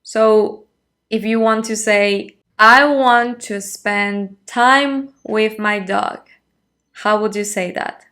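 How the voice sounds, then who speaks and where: A woman's voice: mid-range voice, fairly even intonation, takes it slowly, fairly bright tone. A woman teaching a Spanish lesson online, patiently repeating phrases for a learner and praising each answer.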